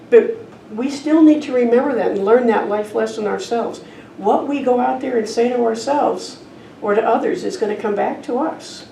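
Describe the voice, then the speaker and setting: A woman minister delivers a sermon in a church sanctuary, telling stories in a conversational way. Her voice is on the high side, gravelly yet mellow. The recording is roomy and distant, with faint noise from the church hall.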